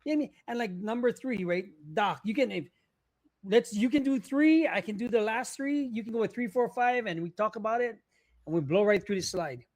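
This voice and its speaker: A man's voice: sits high, a little fast. A man co-hosting a workshop over a video call, chatting casually and chiming in with short agreements. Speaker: co-host.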